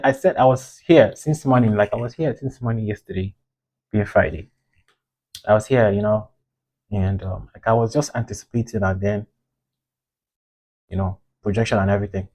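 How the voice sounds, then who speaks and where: A man's voice: lowish voice, mellow. A man reviewing his own trades in a casual, rambling way, frustrated and scolding himself for his mistakes.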